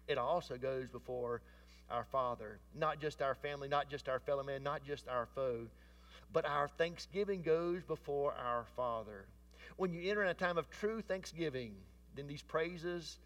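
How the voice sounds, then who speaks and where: A man preaching a sermon, rising to emphatic declarations and then dropping to hushed tones. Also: medium pitch, recorded from a distance.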